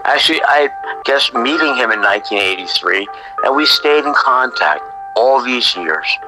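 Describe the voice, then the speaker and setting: A middle-aged man, a graffiti artist, telling stories from his past in a chatty way that often sinks into a breathy whisper. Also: mid-range voice, lively intonation, normal speed, music in the background, rough recording. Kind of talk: casual storytelling interview.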